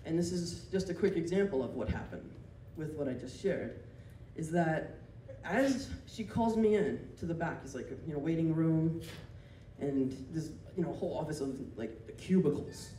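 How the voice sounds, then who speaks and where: A man doing live stand-up, telling a story in a rambling, animated way. He often laughs as he talks and breaks off into asides and restarts. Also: fairly high pitch, moderate pace, recorded from a distance. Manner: self-interrupting with restarts and asides. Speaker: stand-up comedian. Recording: roomy venue taped from afar. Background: audience laughter and room noise.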